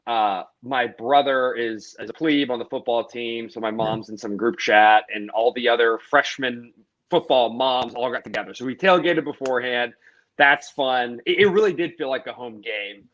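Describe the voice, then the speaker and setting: This is a young man in his twenties telling relaxed anecdotes during a casual talk. His pitch is in an ordinary middle range. His audio is muffled and lo-fi, with its top end dulled. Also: moderate pace. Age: 20s. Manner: easygoing storyteller, chuckles while telling anecdotes. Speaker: co-host. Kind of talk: casual storytelling chat.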